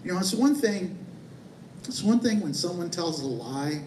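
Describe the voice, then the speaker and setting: A man's voice: high-pitched, lively intonation, moderate pace, a little mellow, slight background noise. A man pastor, preaching a sermon in a conversational way with playful asides. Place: church sanctuary. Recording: echoey church hall from far off.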